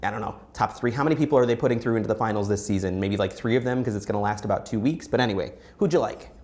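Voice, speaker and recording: A hoarse woman with an American accent, co-hosting a recap chat in a wry, dramatic way while getting over a chest infection. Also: extremely low pitch, a little mellow. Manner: wry and dramatic, given to quick jokes. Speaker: co-host of recap show. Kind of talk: casual critique chat.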